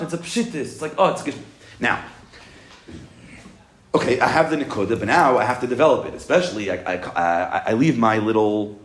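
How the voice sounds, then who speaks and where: Male Torah teacher, mid-range voice, lively lecturing, roomy echo. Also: medium pitch. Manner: animated, acts out "I got it" moments, asks and answers himself. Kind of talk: Chassidus class lecture.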